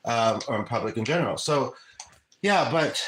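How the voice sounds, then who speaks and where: A man's voice: medium pitch, expressive, normal speed, fairly bright tone, poor audio. Guy rambling casually on his live stream, lots of ums, bit of faint noise in the back. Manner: rambling, conversational, frequent fillers. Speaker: livestream host.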